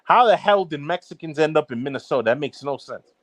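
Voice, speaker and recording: A man from the East Coast, co-hosting a podcast, trash-talking in loud, mocking banter and tacking "bro" onto line after line. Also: fairly high pitch, lively intonation, fast, dry recording. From Baltimore area, East Coast US. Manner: brash, mocking, repeats himself with "bro". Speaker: podcast co-host. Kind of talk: casual trash-talk banter.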